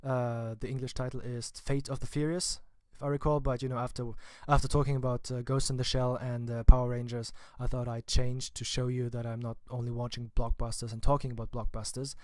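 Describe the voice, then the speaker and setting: A man's voice: medium pitch, level tone, brisk, hardly any pauses, a little mellow, dry recording. Chatty man reviewing films, dry sound. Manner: chatty and informal, with wry asides. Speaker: film vlogger. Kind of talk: casual spoken film review.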